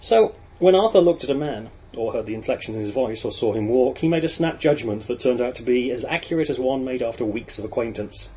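A man reads a novel aloud at a steady, measured pace. His voice sits at an ordinary middle pitch. A faint hiss runs under the recording. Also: rough recording. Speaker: audiobook narrator.

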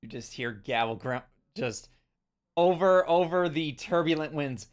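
A man playing a tabletop game, speaking in a measured, wry way. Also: mid-range voice. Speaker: player. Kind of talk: casual tabletop play.

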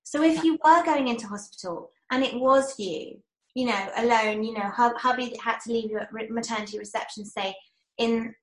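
A woman's voice: a little high, normal speed, echoey room. A woman with a British accent co-hosting a chat, reflecting thoughtfully on what her guest says. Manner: supportive, reflective interviewer. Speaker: podcast co-host. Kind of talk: casual chat.

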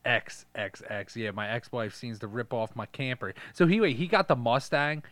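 A man co-hosting a casual podcast, riffing crudely on a film and slipping into quick character voices as he swears his way through the scenes. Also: medium pitch, a bit bright, dry recording. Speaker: podcast co-host. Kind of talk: casual crude movie-riff chat.

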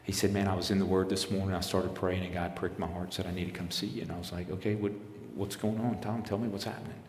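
A man's voice: deep voice, flat delivery, fast talker, a little mellow, roomy sound, long reverb tail, a little hiss or hum. A man in his forties telling a personal story in an interview, earnest, often restarting his sentences. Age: 40s. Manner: earnest, retelling with quoted dialogue, frequent restarts. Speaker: interviewee, missionary pastor.

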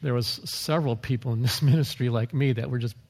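A man's voice: medium pitch, fast, a little mellow, husky, big-room sound. A man pastor preaching a sermon, talking in a conversational way with asides and small chuckles.

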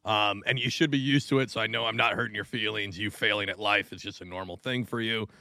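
A man's voice: fairly low pitch, steady tone, fast talker, creaky, pushed and bright, dry recording. A man, co-hosting a podcast and teasing his friends with jokes. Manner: teasing, joking ribber. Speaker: podcast co-host. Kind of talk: casual banter.

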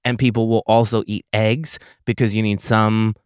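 A young man hosting a solo comedy podcast, telling stories in a profane, sarcastic, animated way. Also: on the low side, normal speed, clear, resonant tone, no room sound, clean studio sound. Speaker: podcast host.

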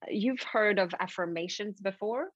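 A French Canadian woman, a native French speaker, explaining a mindset technique as a podcast guest in an animated, repetitive way. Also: mid-range voice, a little slow, no room sound. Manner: animated, repetitive, stumbling restarts. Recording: dull lo-fi dry recording.

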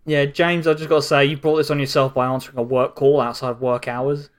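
A man's voice: medium pitch, little pitch movement, fairly quick. A man, a podcast co-host, teasing the others with wry remarks in casual banter.

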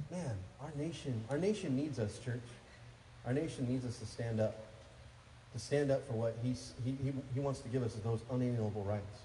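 Energetic preaching man in echoey church. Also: medium pitch, a little hiss or hum. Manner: energetic preaching, calls for responses, rises to loud peaks. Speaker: pastor. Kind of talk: sermon. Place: church sanctuary. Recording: echoey hall, faint ambience.

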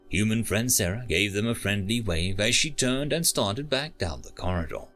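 Male storyteller, measured reading, pitch rising and falling freely. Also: lively intonation, fairly bright tone, faint music behind. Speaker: narrator. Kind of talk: storytelling narration.

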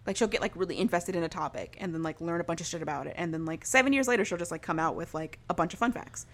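A woman's voice: on the low side, racing. A young woman in casual chat, retelling a story in a chatty, filler-heavy way and acting out the lines of the people in it. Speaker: podcast co-host recapping a story.

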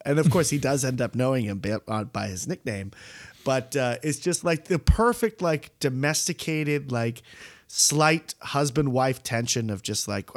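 An excitable man in a casual podcast chat about movies. His voice sits at an ordinary middle pitch, and he keeps jumping into quick bits of acted-out dialogue. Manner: excitable, animated storytelling with quoted asides. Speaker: podcast co-host. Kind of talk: casual film discussion.

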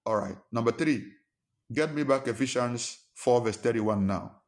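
A man's voice: mid-range voice, unhurried. Emphatic male preacher. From Nigeria. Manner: emphatic, fires rhetorical questions, acts out quarrels in a raised voice. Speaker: pastor. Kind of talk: sermon.

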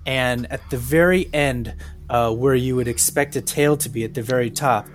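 A man's voice: medium pitch, normal speed. A man hosting a tabletop podcast and narrating the scene as game master, with loose, filler-filled description.

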